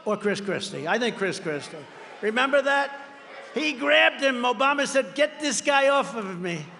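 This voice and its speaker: An older American man giving a rambling, boastful campaign rally speech, breaking into sudden shouts. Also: high-pitched, gravelly. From United States. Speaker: political candidate. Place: large rally venue. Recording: reverberant hall with a long echo.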